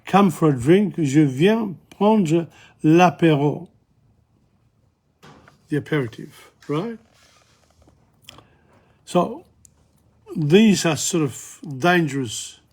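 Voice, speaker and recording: Guy teaching french phrases, talks slow, kinda raspy from losing his voice, chatty and rambly. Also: on the high side, lively intonation, a little mellow. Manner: chatty, self-interrupting, repeats phrases slowly. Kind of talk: casual spoken language lesson.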